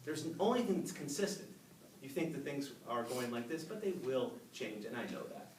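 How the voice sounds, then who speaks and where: A man in his fifties giving an animated, storytelling speech to a club audience and laughing along with them. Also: medium pitch, brisk. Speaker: Toastmasters speaker. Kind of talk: public speech. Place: meeting room with a live audience. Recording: echoey room, mic from far off, faint noise.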